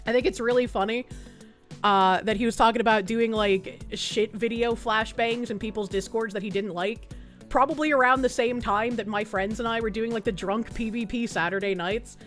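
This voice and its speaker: A woman's voice: on the high side, steady tone, moderate pace, faint music behind. A woman with a Boston accent, chatting casually and profanely on a livestream as she thanks viewers, often laughing. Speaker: livestreamer reading chat. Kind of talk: casual stream chat.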